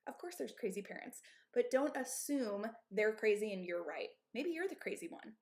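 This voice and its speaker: A woman's voice: a little high, sing-song, normal speed, darkish tone. A woman in her thirties who owns and coaches at a gym, giving candid, emphatic advice on a live stream. She often checks in with "okay?" and "right?". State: out of breath.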